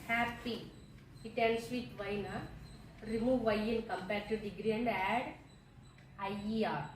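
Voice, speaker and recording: A woman's voice: medium pitch, steady tone, unhurried, slight background noise. A woman teacher giving a grammar lesson, repeating each word form and spelling letters aloud. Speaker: English teacher. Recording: echoey room.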